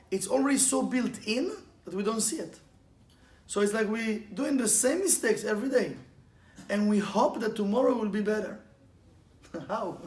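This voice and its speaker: This Kabbalah teacher, a man with a high voice, tells stories through a relaxed spiritual lesson. He's animated throughout, breaking into laughter and acting out quotations and sound effects. Faint ambient noise hangs in the echoey room.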